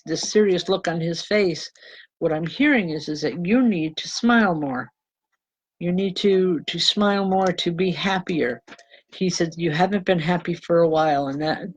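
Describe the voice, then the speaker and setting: A woman's voice: low-pitched, slight background noise, low-quality recording. A woman reverend giving live spiritual readings to viewers. She talks informally, uses endearments like hon and babe, and breaks in with ums and restarts. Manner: chatty and informal, calling people hon and babe, with frequent ums and self-corrections; often laughs and apologizes to the audience.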